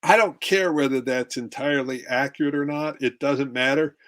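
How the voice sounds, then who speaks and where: Speaking at a moderate pace in a medium-pitched, fairly bright voice, a middle-aged man leads a relationship workshop using slides. As a relationship coach, he illustrates his points by performing different tones of voice.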